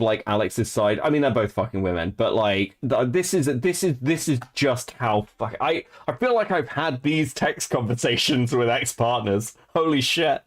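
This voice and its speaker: A man's voice: mid-range voice, lively intonation, moderate pace, hardly any pauses. A man in his thirties co-hosting a stream, chatting casually and bluntly about online drama, swearing freely and laughing often. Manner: reads messages aloud in a mocking tone. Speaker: streamer and co-host.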